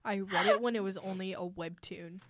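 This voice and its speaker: A woman's voice: medium pitch, fairly even intonation, moderate pace, noisy background. A playful young woman chatting casually with friends. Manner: playful, sings and hums. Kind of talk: casual chat.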